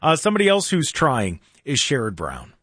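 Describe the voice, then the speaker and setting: A man's voice: mid-range voice, wildly swooping pitch, moderate pace, a bit bright, breathy edge, dry recording, studio quality. A man hosting a talk radio show, bantering sarcastically and rambling through restarts.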